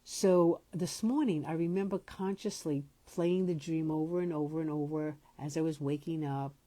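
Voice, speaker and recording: A woman hosts a reflective spiritual podcast in a low, mellow voice. She talks slowly, pausing often and correcting herself. The sound is close and dry, with no room echo. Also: fairly even intonation. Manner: slow, pausing, self-correcting speech. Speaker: podcast host. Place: home, moved from New York to Los Angeles.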